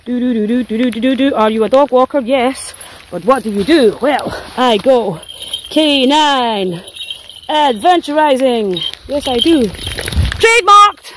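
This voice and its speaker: A Scottish woman on a casual dog-walking vlog, her voice sitting a little high as she jokes and swears her way along a forest path. She talks into a phone held while walking, chatting to the camera and the dogs. Clear outdoor noise runs underneath the whole recording. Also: unhurried, poor audio. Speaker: dog walker. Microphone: handheld phone while walking.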